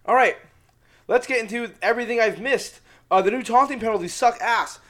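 A young man hosting a casual sports podcast, excitable and loud, swearing freely as he rambles. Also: very high voice, fairly quick. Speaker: podcast host.

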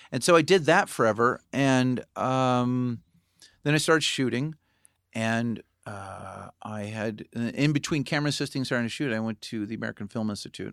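A man's voice: fairly low pitch, vocal fry, no echo, studio quality. A middle-aged man, a cinematographer and filmmaker, telling stories in casual conversation, humming tunes and imitating people. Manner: lively anecdotes, hums tunes and imitates people.

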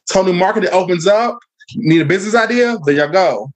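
A man's voice: sits high, expressive, fast talker. A man on a casual discussion panel, rambling and repeating words, playfully judging. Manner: rambling, repeats words while searching for them. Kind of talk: casual group chat.

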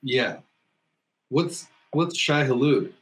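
A man's voice: medium pitch, sing-song, takes it slowly. A man co-hosting a casual podcast, reacting playfully and joking as the story is read to him. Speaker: podcast co-host listening. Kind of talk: casual chat.

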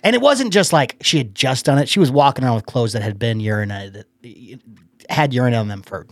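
Co-host, male, mid-pitched, chatty storyteller, dry close mic. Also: lively intonation, fairly quick, no echo. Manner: chatty storyteller, acts out quoted voices. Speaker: podcast producer co-host. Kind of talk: casual chat.

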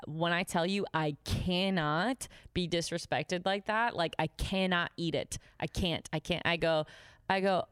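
A woman's voice: lowish voice, moderate pace, fairly bright tone, clean tone, no room sound, clean studio sound. A woman telling a story in casual chat, swearing freely and acting out the voices of the people she quotes. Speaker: podcast co-host.

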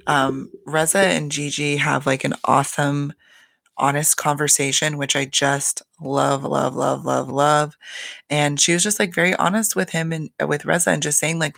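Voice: medium pitch, creaky, fairly bright tone, no echo. A podcast host chatting casually through a reality TV recap, gushing, rambling and swearing freely on a home mic.

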